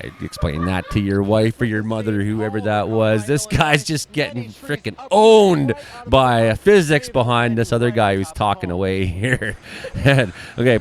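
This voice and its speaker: A Canadian man giving casual, sarcastic running commentary on videos, often laughing as he reacts. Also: medium pitch.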